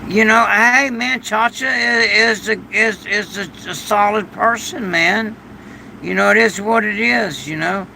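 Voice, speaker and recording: An older man with a gravelly voice, rambling through a casual livestream from a shed during a storm, now and then loudly thanking his viewers. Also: high voice, measured pace, slight background noise, rough recording. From United States. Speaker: livestream host.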